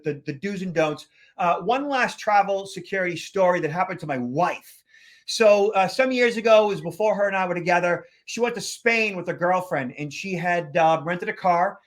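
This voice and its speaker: This podcast co-host, a security consultant from the Boston area, spins a lengthy travel tale in a casual, rambling manner packed with fillers. He speaks in a high voice at a moderate pace.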